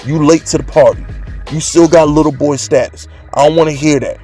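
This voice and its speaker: A man's voice: on the high side, fairly even intonation, brisk, warm tone, faint music behind. A man hosting a sports fan channel, ranting brashly and trash-talking rival fans. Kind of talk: casual fan rant.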